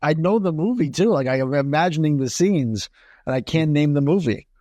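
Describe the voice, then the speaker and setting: A man co-hosting a podcast, with lively, swooping speech and a casual, profane manner. His voice is close and dry, with no room sound. He talks in a loose, animated way. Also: on the high side, moderate pace, no room sound. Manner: profane, animated, laughs a lot. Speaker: podcast co-host. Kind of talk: casual chat, reading movie quotes.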